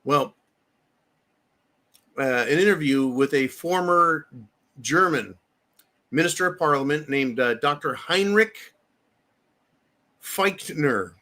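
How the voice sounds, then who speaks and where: A man's voice: a little high, animated, slow, pauses often, bright, forceful tone. A man hosting heated political commentary, ranting angrily with profanity and repeating phrases for emphasis. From United States.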